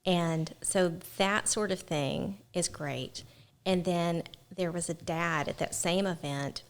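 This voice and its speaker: A woman with a slightly low voice speaking as a guest on a casual podcast. She tells earnest stories at an easy pace, pausing often with "um.". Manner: earnest storyteller, many "um" pauses. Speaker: podcast guest, event organizer. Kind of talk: casual chat.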